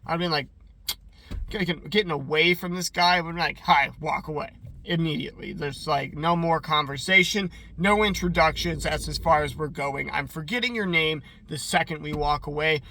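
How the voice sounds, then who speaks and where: Bright-voiced man rambling through a show recap. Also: fairly high pitch, normal speed. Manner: rambling and chatty, heavy use of "like". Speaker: TV episode recapper. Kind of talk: casual commentary.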